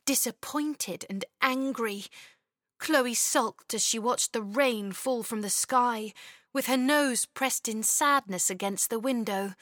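A woman narrating a children's storybook in an expressive, lilting way, close to a studio mic. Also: a little high, slow, dry recording.

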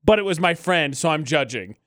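Young guy radio host, high voice, teasing banter, dry studio mic. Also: lively intonation, fairly bright tone, dry recording. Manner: joking, quick asides and teasing. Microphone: studio microphone.

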